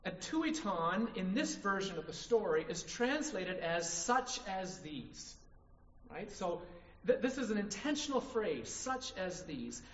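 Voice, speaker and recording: A man preaching a sermon, emphatic, often checking in with the congregation by asking "right?". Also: high voice. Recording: distant, echoey hall, dull sound.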